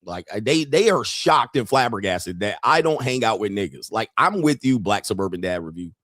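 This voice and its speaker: A man's voice: fairly low pitch, animated, normal speed, a bit bright, no room sound. Blunt profane man ranting, dry sound. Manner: blunt, profane, repetitive, acts out quoted voices. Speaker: show host. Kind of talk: casual rant commentary.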